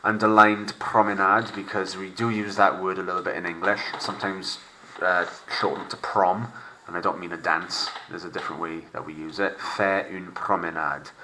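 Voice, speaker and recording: A man teaching a remote language lesson, modelling phrases slowly and clearly for pupils to repeat. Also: deep voice, fairly even intonation, background noise. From Wales.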